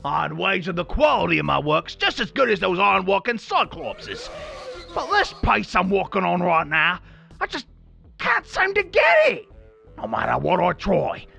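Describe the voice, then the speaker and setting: Man doing a gravelly Aussie demon blacksmith. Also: high-pitched, moderate pace, faint music behind, pitched above the performer's own voice, heavily acted. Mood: gruff. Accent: put-on Australian. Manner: loud, shouty, excitable. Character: brash boastful male demon blacksmith, hot-tempered. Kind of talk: reading game dialogue aloud in character.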